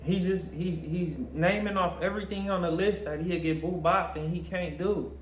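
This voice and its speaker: Man, slightly high pitch, reaction commentary, animated, says bro a lot, echoey room. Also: normal speed, slight background noise. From Los Angeles area. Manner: animated, laughing, repeats "bro". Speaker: streamer reacting to a clip. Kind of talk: casual commentary. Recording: roomy echo.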